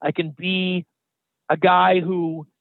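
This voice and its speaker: A man, a guest and TV producer, telling stories in a casual, animated interview way and swearing now and then. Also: high-pitched, slow pace, creaky, no echo. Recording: tinny phone-like line, dry.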